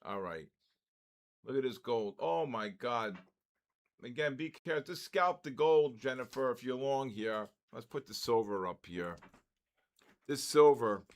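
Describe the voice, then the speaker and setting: An older man hosting a live trading stream, giving excitable market commentary, greeting viewers and stumbling over his words. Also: medium pitch, a little slow.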